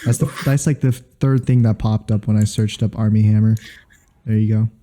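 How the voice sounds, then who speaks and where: A man co-hosting a casual podcast chat, making deadpan, sarcastic jokes. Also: lowish voice, moderate pace. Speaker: podcast co-host.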